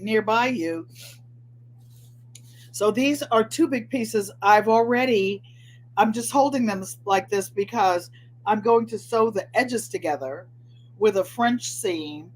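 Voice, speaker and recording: An older woman hosting a casual sewing and crafts vlog, rambling warmly to viewers and answering them by name. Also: medium pitch, a little hiss or hum. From Connecticut. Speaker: crafting channel host.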